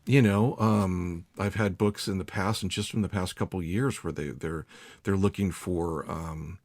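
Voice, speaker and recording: Male host, very low voice, quick rambling delivery, dry sound. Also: steady tone, darkish tone, no echo. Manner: chatty, rambling, many restarts and fillers. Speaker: audiobook narrator, podcast host. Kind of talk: casual conversation.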